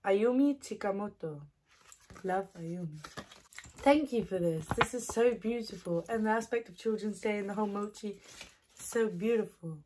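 A woman doing ASMR snack tasting, soft-spoken, giggly and gushing into a close microphone. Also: medium pitch, normal speed, a little hiss or hum. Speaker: ASMR creator.

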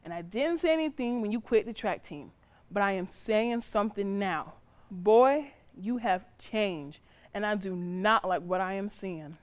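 A woman's voice: mid-range voice, a little slow, natural voice. An actress playing a stern but loving mother who scolds her teenage son in plain, colloquial speech. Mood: stern scolding. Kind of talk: drama acting.

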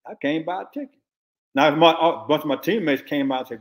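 An older man from Texas talks football as a guest analyst, in a fairly high voice. He is blunt and emphatic and hammers his points home by repeating them, in an easy, casual way. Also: lively intonation, fast. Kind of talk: animated casual football talk.

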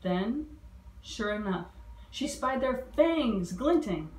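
A librarian reads a picture book aloud to young children, expressive and pausing to ask them questions. Her voice is medium-pitched and she takes it slowly, with a roomy echo in the recording.

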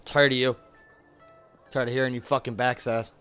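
A man's voice: mid-range voice, flat delivery, moderate pace, fairly bright tone, clean tone, soft background music. Crude, rambling male game streamer. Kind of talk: casual live gaming commentary.

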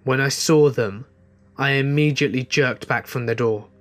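A man's voice: medium pitch, normal speed, a bit bright. Man narrating a horror story.

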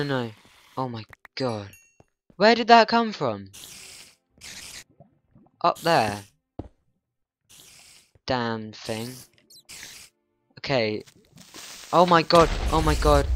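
A man's voice: mid-range voice, extremely slow, pauses often, fairly bright tone, faint music behind. A man hosting a gaming channel in casual gameplay commentary, jumpy and panicky, talking back at the game's monsters.

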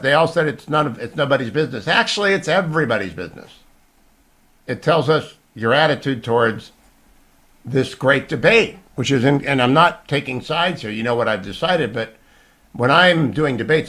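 A middle-aged man hosting a radio talk show, arguing his points emphatically and rising into loud bursts. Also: medium pitch.

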